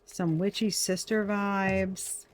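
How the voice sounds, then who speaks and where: A woman doing a casual tarot reading for viewers, chatty and quick to laugh. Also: mid-range voice, fairly even intonation, slight background noise. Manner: chatty, laughing often, addresses viewers as y'all. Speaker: tarot reader.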